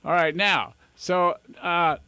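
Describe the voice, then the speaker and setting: A man's voice: high voice, steady tone, slow, sharp tone, clean tone, no room sound. A man in his fifties hosting a call-in advice show, with a folksy, coaxing manner, acting out sample replies for his callers. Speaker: radio talk show host. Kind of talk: coaching call-in talk.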